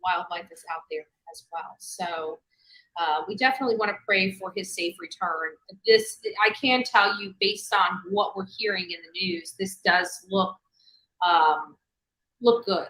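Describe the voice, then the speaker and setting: A woman hosting a true-crime video, rambling with halting fillers and restarts. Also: fairly low pitch, pushed and bright, roomy sound, rough recording. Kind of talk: rambling livestream commentary.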